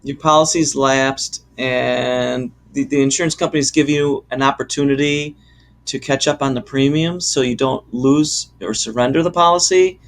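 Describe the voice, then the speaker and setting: A man co-hosting a podcast, explaining insurance questions in a measured, hesitant way with many fillers. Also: mid-range voice, fairly even intonation. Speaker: insurance expert co-host. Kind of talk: explanatory casual chat.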